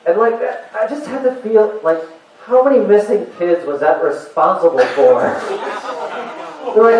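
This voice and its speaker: This high-sitting male voice belongs to a comedian of about forty, rambling unhurriedly through a chatty stand-up set for a live convention crowd, with crowd noise audible. He keeps using fillers and chuckling at himself. Everything comes through a very echoey, far-off, muffled hall recording.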